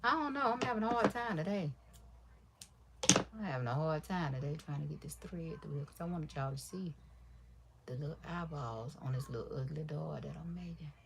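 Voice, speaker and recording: A woman chatting casually to her livestream viewers while sewing, deliberately keeping her voice quiet and soft, calling them y'all and baby. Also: vocal fry, slight background noise. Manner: talks low and soft on purpose. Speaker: livestream crafter.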